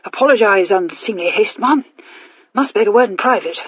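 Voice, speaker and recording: A fussy, punctilious gentleman, played by a woman narrator, speaks in clipped, breathless phrases that drop their small words. The voice is husky and slightly breathy. The recording is dull and lo-fi, with a dry sound. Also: medium pitch, animated, normal speed, no echo. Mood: flustered.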